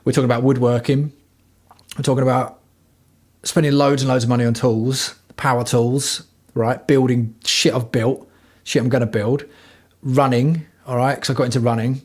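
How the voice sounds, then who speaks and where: A man's voice: medium pitch, level tone, moderate pace, a little mellow. A man hosting a casual livestream from home, talking bluntly and rambling with plenty of swearing. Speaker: livestream host.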